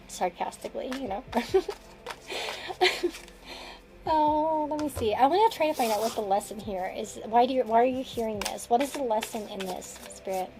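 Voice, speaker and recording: Over poor-quality audio, a woman with a fairly high, gravelly voice gives a casual tarot reading to the camera. She rambles, restarts her sentences, and chuckles between thoughts.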